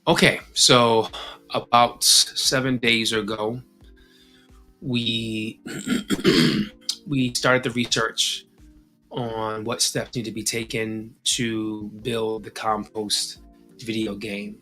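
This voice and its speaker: Playful guy drawling slowly on his stream, bright voice, soft music behind. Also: fairly low pitch, level tone. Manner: playful, theatrical, drawn-out delivery. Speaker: host of a compost channel livestream. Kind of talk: casual livestream talk.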